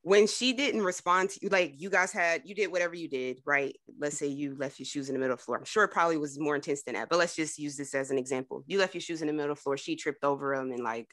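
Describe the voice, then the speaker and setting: Bright, probing woman host. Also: deep voice, quick pace, hardly any pauses, no echo. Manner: probing, builds hypothetical examples. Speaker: podcast host. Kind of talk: interview questions.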